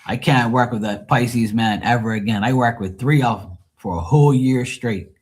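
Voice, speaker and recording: The tarot reader and livestream host speaks in a mid-range voice at normal speed. He chats casually with viewers during the live stream, rambling, blunt, and profane.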